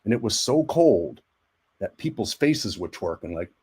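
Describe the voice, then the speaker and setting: A man's voice: on the low side, sing-song, unhurried, dark tone, breathy edge. A man, an army veteran and actor, telling rambling stories as a guest in a casual interview. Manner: rambling, repeats words, acts out quoted voices.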